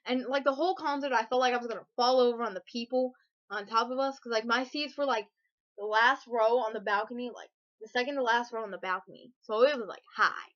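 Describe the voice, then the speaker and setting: A teenage girl vlogging, telling an excited personal story full of fillers, gushing and breathless, with sudden shrieks. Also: a little high, fast talker. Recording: dull lo-fi webcam audio.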